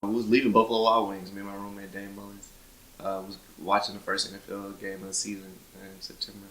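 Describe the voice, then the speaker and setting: A man's voice: lowish voice, completely flat delivery, quick pace, bright, forceful tone, roomy sound, rough recording. A man, casually telling his own story in an interview and acting out what others said. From Memphis, Tennessee. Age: 20s. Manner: conversational, acts out others' words, frequent "you know".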